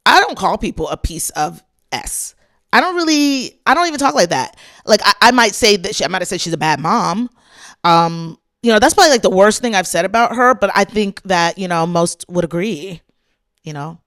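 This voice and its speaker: A woman, hosting a podcast in a sassy, animated, chatty way. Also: medium pitch, normal speed. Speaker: podcast host. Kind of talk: casual chat commentary.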